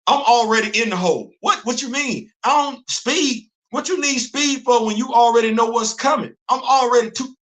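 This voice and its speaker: Animated high-voiced man ranting. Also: normal speed, few pauses. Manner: animated, repetitive, laughing often, heavy slang. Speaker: host. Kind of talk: casual livestream commentary.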